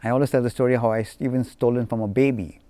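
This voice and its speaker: A man from India telling personal stories in an animated, playful way. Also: medium pitch, racing, crowd noise. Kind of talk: personal storytelling.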